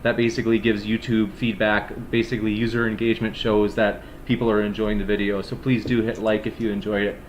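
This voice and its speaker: A man's voice: on the low side, little pitch movement, a little fast, hardly any pauses, lo-fi sound, a little hiss or hum. A man hosting a live stream, easygoing and full of fillers as he reads out viewer messages. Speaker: host and moderator.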